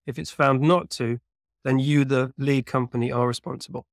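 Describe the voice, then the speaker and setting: A man's voice: medium pitch, steady tone, normal speed, no echo. Man explaining thoughtfully in a dry close mic. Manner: thoughtful, explanatory, frequent "kind of" hedges. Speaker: guest researcher. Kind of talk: conversational interview.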